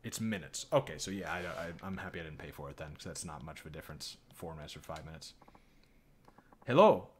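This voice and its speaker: A man's voice: rumbling low, fairly even intonation, fast, few pauses, fairly bright tone. An American man streaming a game, chatting casually and laughing as he comments. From United States. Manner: laughs often, reads game dialogue aloud, loose and joking.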